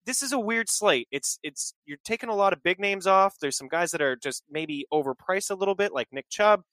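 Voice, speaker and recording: A man's voice: high-pitched, animated, a little fast, pushed and bright, dry recording. A man co-hosting a fantasy football show, agreeing readily and rambling through his analysis. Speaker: fantasy football podcast co-host. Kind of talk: casual sports betting chat.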